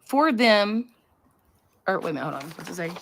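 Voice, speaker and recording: A woman's voice: lowish voice, sing-song, normal speed, gravelly, fairly bright tone, slight background noise. A woman hosting a live stream, talking to her chat in a rambling, conspiratorial way and often interrupting herself. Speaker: livestream host.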